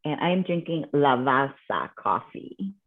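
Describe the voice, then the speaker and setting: A woman's voice: a bass voice, big pitch swings, measured pace. A woman co-hosting a casual chat show, telling stories and mixing Spanish into her English, over a call. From Puerto Rican family, lives in Chicago. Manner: storytelling, mixes Spanish into English, laughs often. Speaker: co-host. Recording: tinny phone-like line.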